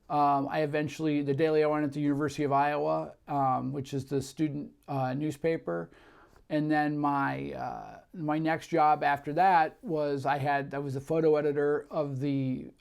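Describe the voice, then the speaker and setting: Middle-aged man, gravelly, filler-heavy. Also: a little high. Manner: relaxed, many fillers and restarts. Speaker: marketing director. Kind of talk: interview, career story.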